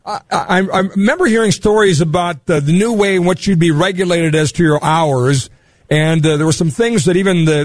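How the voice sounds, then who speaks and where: A male talk radio host taking calls, brisk and sardonic, rushing toward the break. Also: on the high side, no echo.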